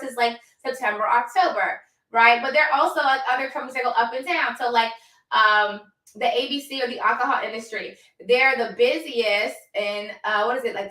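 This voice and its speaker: Host: woman, casual livestream coach, bright and forceful, a touch high, emphatic and direct, recorded in a roomy space. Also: recorded from a distance. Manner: emphatic, repeats for stress, addresses viewers directly. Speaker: host, notary business coach.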